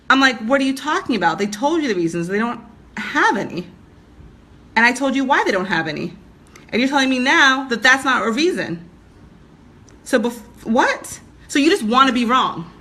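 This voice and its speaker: A woman's voice: fairly high pitch, expressive, a little fast, sharp tone. A young adult woman talking to camera as a business coach, recounting conversations in a blunt, exasperated way. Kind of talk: casual talk to camera.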